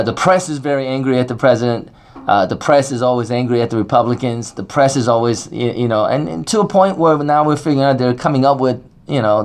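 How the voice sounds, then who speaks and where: Rambling middle-aged man giving a talk. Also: medium pitch. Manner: rambling and conversational, many fillers and restarts. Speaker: speaker at a faith talk. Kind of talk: casual talk on scripture.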